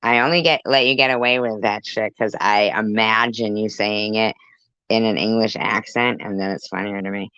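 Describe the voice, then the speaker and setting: A woman's voice: a bass voice, steady tone, moderate pace, a bit bright, clear, resonant tone, no echo. A woman hosting a casual livestream, reading chat comments aloud, laughing often and teasing viewers with crude, disgusted reactions. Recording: dull lo-fi sound.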